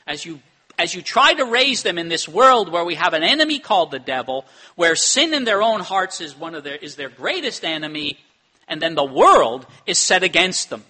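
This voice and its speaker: Middle-aged guy preaching, high voice, keeps asking "isn't it?". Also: very animated, normal speed, bright, forceful tone. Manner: conversational preaching with rhetorical tag questions. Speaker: pastor. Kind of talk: sermon.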